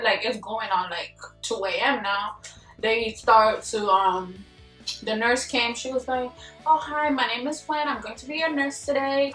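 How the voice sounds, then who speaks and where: A young woman vlogger telling a story casually and animatedly, full of slang and acted-out yelling. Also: mid-range voice. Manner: animated, slangy, acts out her own yelling. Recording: echoey room, mic at a distance, faint music.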